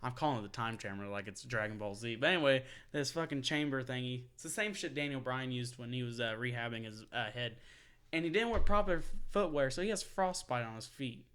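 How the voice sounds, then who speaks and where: A man's voice: mid-range voice, brisk, fairly bright tone, smooth. A young man rants through a casual sports podcast. He swears freely, laughs often and talks in bursts. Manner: profane, ranting, laughs often. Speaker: podcast co-host.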